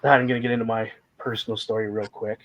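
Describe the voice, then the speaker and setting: A man's voice: lowish voice, level tone, quick pace, lo-fi sound. A man talking candidly and emotionally in a casual conversation, a guest sharing a personal story with rambling fillers and moments of fighting back tears.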